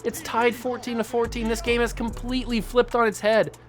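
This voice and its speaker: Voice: mid-range voice, flat delivery, brisk. A young adult channel host giving exasperated, venting play-by-play commentary over a football video game.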